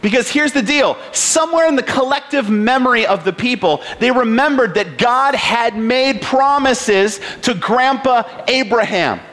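A male pastor with a notably high voice delivers a sermon. His style is conversational. He keeps asking his listeners rhetorical questions. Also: animated, unhurried, hardly any pauses, a bit bright.

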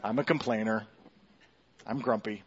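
A man's voice: fairly low pitch, fairly even intonation, moderate pace, lo-fi sound, a little hiss or hum. A man preaching a sermon in a church, talking in a loose conversational way with restarts and self-deprecating asides. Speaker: pastor. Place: church sanctuary.

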